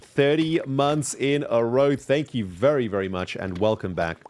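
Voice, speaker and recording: A man's voice: fairly low pitch, a little mellow. A man chatting casually while streaming a video game, upbeat and thanking his viewers as he plays. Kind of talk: casual live-stream commentary.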